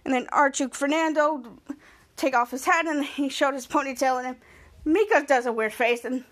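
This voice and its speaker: A woman's voice: high voice, moderate pace, a bit bright. A woman podcast host rambling through a casual recap of a TV episode, restarting often.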